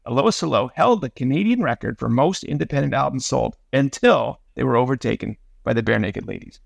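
A male podcast host with a gravelly edge asks his guest measured questions. The recording is close and dry. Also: mid-range voice, expressive, dry recording. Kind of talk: interview questions.

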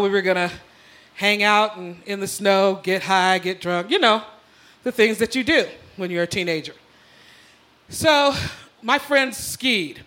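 A woman with a bright, ringing voice tells a comic personal story live on a club stage. She is lively and profane, laughing through her lines and shouting out the punchlines. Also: mid-range voice. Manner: animated, profane, laughing while telling.

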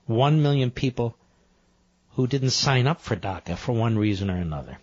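A man's voice: lowish voice, no echo, dull audio. A man hosting a political talk radio show, delivering an emphatic monologue that repeats phrases and builds to indignant peaks.

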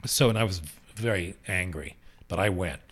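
An older man, a stage actor, telling backstage stories as a guest in a casual chat, animated and frank with a salty edge. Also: low voice, normal speed.

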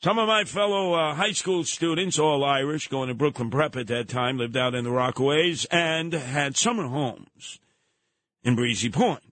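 An older man, hosting a radio talk show and telling lively stories from his youth, with occasional shouting. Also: on the high side, normal speed, no echo. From New York. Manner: animated, colorful storytelling with bursts of shouting. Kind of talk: storytelling monologue.

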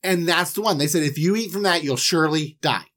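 A man casually retelling an old story for laughs, playful and jokey, slipping into quick character voices. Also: on the high side, fairly bright tone. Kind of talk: comedic Bible retelling.

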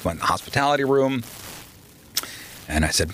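A man's voice: medium pitch, racing, hardly any pauses, slight background noise, low-quality recording. A man telling a long story in a casual interview, acting out the people he quotes. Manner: animated storyteller, acts out quoted voices. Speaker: radio host guest.

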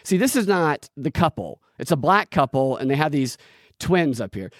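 A man's voice: on the high side, very animated, normal speed, dry recording, clean studio sound. A man hosting a podcast, chatting in a loose, sarcastic, joking way. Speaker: podcast host. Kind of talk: casual chat.

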